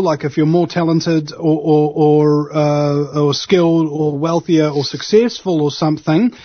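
A man's voice: on the high side, no echo. A man with a New Zealand accent, a guest in a casual group chat, joking and teasing. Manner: joking, teasing, drawn-out asides. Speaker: podcast guest. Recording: dull lo-fi dry audio.

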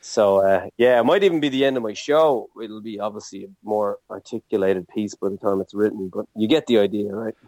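A man's voice: fairly low pitch, brisk, few pauses, no room sound. A man, a comedian chatting casually and acting out bits. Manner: animated, acts out bits. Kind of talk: casual podcast chat.

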